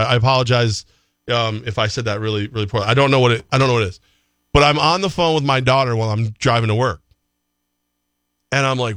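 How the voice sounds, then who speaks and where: A man's voice: mid-range voice, dry recording, studio quality. A middle-aged man co-hosting a sports talk show, rambling casually with lots of restarts. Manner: rambling, animated, restarts often.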